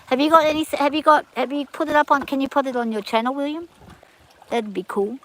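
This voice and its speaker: A chatty woman with a broad rural Australian accent reads viewer comments on a live stream and answers each one. Her voice sits a little higher than most. She talks in an easy, offhand way. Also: fairly even intonation, fast, a bit bright, rough recording. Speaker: livestream host reading chat. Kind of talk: casual live-stream chat.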